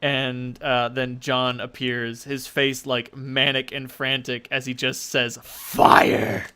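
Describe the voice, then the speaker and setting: A man's voice: medium pitch, level tone, takes it slowly, sharp tone, clear, resonant tone. A man narrating a tabletop game as game master, rambling loosely with many fillers and doing voices for the characters.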